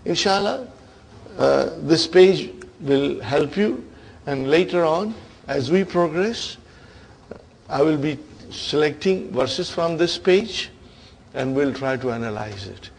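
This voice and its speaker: A man's voice: fairly high pitch, lively intonation, slow pace, vocal fry, a little hiss or hum. Man teaching grammar, emphatic. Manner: checks in with listeners often, emphatic. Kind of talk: classroom lecture.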